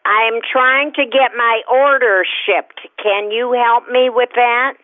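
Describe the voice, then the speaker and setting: A woman's voice: fairly high pitch, fairly even intonation, slow, no room sound. A woman on a phone call, confused and repeatedly mishearing names. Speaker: prank call target. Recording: tinny phone line.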